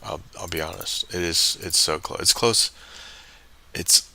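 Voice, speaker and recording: A man's voice: low voice, unhurried, creaky, bright, forceful tone, breathy edge. A man live-streaming a roulette-style game, muttering to himself and grumbling when bets miss. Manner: muttering, frustrated, talks to himself. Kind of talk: casual live-stream commentary while playing.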